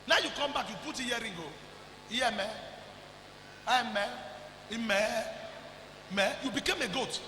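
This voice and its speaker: A man preaching a sermon as pastor, loud and emphatic, often shouting and slipping into Pidgin. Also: very high-pitched, a little slow, long pauses, roomy sound, long reverb tail, slight background noise, poor audio. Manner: preaching loudly with frequent shouts and Pidgin asides.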